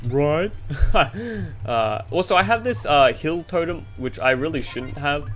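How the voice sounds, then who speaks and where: A man's voice: a little high, animated, normal speed. A young Australian man giving rambling, goofy and self-deprecating gameplay commentary over faint game music. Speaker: gaming YouTuber.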